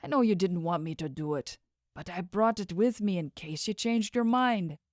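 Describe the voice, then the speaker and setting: A woman's voice: on the low side, normal speed, dry recording, clean studio sound, natural voice. A woman voicing an injured young man who talks groggily with slurred words, read in an audiobook. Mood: groggy.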